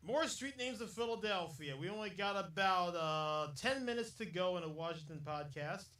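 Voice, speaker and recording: A man's voice: high voice, expressive, normal speed, pushed and bright, slight background noise. A man hosting a rambling solo podcast, chatty and jokey, laughing often and drifting into silly asides while reading out local history. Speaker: podcast host. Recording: echoey room, distant mic.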